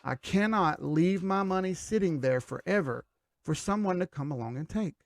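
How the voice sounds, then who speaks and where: A man's voice: high voice, expressive, moderate pace, vocal fry, no echo, studio quality. A man teaching trading rules to viewers in an emphatic, direct way. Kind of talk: instructional talk to viewers.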